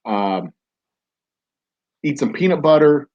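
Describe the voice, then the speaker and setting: A man's voice: on the high side, lively intonation, takes it slowly, a little mellow, lo-fi sound. A man hosting a podcast, telling a story casually, rambling with many fillers and restarts. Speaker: podcast host.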